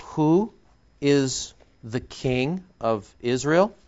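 A man's voice: medium pitch, animated, very slow, darkish tone, dull audio. A man preaching a sermon as pastor, emphatic and confrontational, scolding his listeners.

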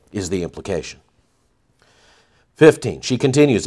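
A man's voice: medium pitch, sing-song, normal speed. A man preaching verse by verse, reading scripture aloud and then explaining it in a casual, conversational way. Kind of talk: verse-by-verse Bible teaching.

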